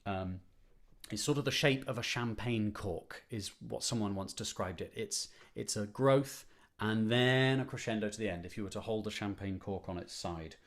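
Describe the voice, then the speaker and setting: A man's voice: lowish voice, moderate pace. A man leading an online choir rehearsal, explaining phrasing patiently, repeating points for emphasis, with light self-deprecating humor. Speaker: choir conductor.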